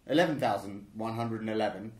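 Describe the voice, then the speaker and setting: A man's voice: lowish voice, quick pace, a little mellow. Guy hosting a live stream, jokey rambly, teasing, echoey room. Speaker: show host. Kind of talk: casual live-stream chat.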